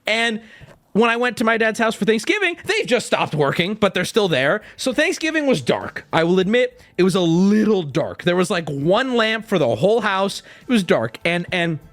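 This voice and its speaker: A man's voice: sits high, moderate pace, dry recording. A man streaming, telling stories in casual chat with lots of swearing. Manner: animated, profane storytelling.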